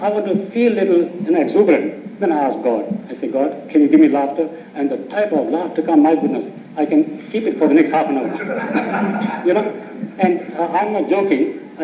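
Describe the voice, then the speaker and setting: A man's voice: a little high, a little hiss or hum. A man teaching meditation in an informal spiritual talk, telling stories and often breaking into laughter. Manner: anecdotal, laughs often, answers questions from the audience. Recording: dull echoey 1980s tape recording.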